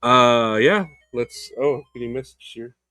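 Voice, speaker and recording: A man's voice: medium pitch, a little slow, sharp tone, no room sound, faint music behind. A young man hosting a solo podcast, talking in a loose, rambling, profane way. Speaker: podcast host. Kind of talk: casual solo podcast chat.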